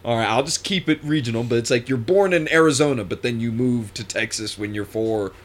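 A man hosting a podcast in casual chat with friends, laughing often and breaking into loud bursts of protest. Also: mid-range voice, fairly quick. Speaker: podcast host.

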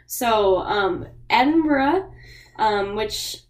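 A woman's voice: a little high, expressive, drawn-out words. A woman co-hosting a casual podcast chat, giggly and chatty, explaining at length. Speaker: podcast co-host.

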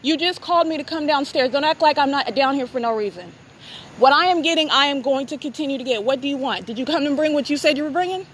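A woman's voice: sits high, animated, quick pace, fairly bright tone, slight background noise, rough recording. A woman narrating in real time as she films, insistent and repetitive, outdoors in a motel parking lot at night, recorded on a handheld phone. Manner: insistent, repetitive, clipped phrasing. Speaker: self-documenting videographer.

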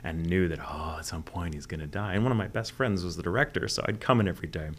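A man's voice: low voice, quick pace, fairly bright tone, a little hiss or hum. A man from the United States, a voice actor guest, chatting candidly in a rambling interview and swearing freely. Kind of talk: casual interview chat.

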